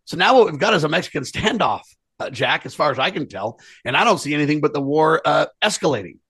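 A man talks politics as a co-host, leaning hard on his points and speaking straight to the audience. His voice is somewhat husky and sits a bit high. The recording is close and dry. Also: very animated, fast, pushed and bright, dry recording. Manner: earnest, emphatic, addresses listeners directly. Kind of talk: political commentary chat.

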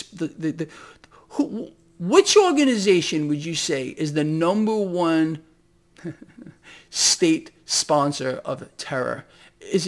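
Male vlogger, impassioned monologue, rhetorical questions, raised voice dropping to mutters, voice on the higher side. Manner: rhetorical questions, repetitive, swings from shouting to low mutters. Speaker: finance video blogger.

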